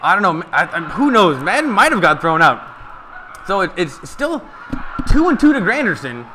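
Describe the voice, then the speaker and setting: A man giving casual, excited live play-by-play of a ball game from a stream, chatting to his viewers. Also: high-pitched, moderate pace, slight background noise.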